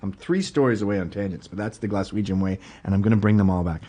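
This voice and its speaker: This podcast guest talks fast in a lowish voice, rambling through a story in a casual chat. Animated and laughing, he acts out what people said at full volume.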